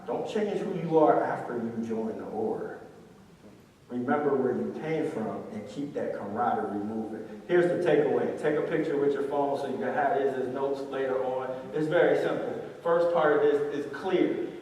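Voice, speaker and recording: A man, giving a lively storytelling talk with call-and-response to a student audience. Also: mid-range voice, normal speed, slight background noise. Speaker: motivational speaker. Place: large hall with audience. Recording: echoey hall recorded from far off.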